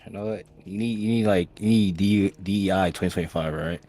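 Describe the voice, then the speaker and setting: A man's voice: low-pitched, quick pace, dark tone. A young man calling in to a livestream, blunt and slangy, repeating "all right?" as he talks. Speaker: caller. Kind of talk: casual call-in banter.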